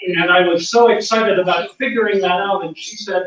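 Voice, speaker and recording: A man telling a personal story at a live story slam in a measured, dry way. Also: high-pitched, steady tone, fairly bright tone. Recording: echoey, distant, dull live room recording.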